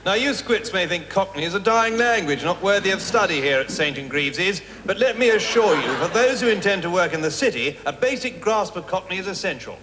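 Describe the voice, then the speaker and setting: A man acting a brisk, bossy teacher and sergeant in a comedy sketch. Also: high voice, lively intonation, noisy background.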